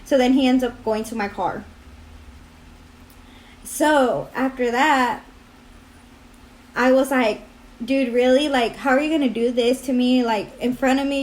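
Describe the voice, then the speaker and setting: A woman's voice: high voice, measured pace, long pauses, slight background noise. A young woman vlogging her story in a rambling, filler-heavy way, tearful and crying as she talks. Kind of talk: casual confessional vlog.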